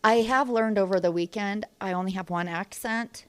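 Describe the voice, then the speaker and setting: A woman co-hosting a podcast in casual chat, fast-talking and self-deprecating, laughing at her own jokes. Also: mid-range voice, clear, resonant tone, no room sound. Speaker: podcast co-host.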